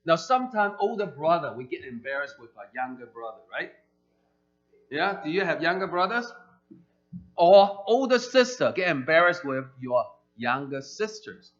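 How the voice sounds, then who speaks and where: Animated preacher man in a church. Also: fairly high pitch, normal speed. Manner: animated, acts out quoted characters. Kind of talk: sermon storytelling. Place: church sanctuary. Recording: dull lo-fi church recording with faint music.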